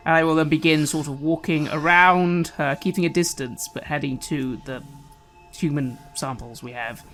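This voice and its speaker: A man playing a tabletop role-playing game, speaking in a measured, clinical manner, partly in character. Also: on the high side, fairly even intonation, fairly bright tone, soft background music. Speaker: player.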